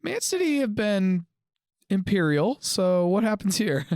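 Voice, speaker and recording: Quick joking man hosting a sports podcast. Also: high-pitched, big pitch swings, a little mellow, no room sound, studio quality. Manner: quick, joking, steers the talk with questions. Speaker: podcast co-host. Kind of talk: casual sports chat. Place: home studio.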